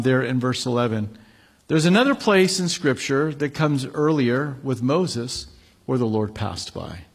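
A man's voice: medium pitch, husky. A male pastor preaching a sermon, reading scripture with building emphasis and then explaining it casually.

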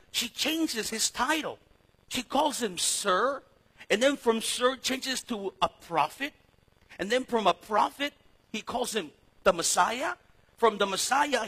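A middle-aged man leads a Bible study in a high, bright, husky voice. He talks in a lively, casual way, swings from loud to soft, and keeps calling the crowd "man" and "dude." He grew up speaking Spanish. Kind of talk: sermon.

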